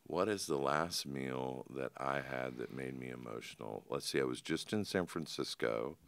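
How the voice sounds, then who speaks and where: Very deep-voiced, earnest man. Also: gravelly. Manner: earnest, open, halting restarts. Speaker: restaurateur, podcast guest. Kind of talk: casual interview chat.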